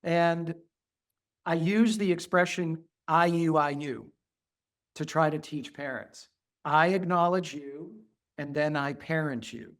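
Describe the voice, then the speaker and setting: Middle-aged man, pediatrician guest, earnest, a touch higher pitched, drops to soft soothing asides. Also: slow pace. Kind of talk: conversational interview.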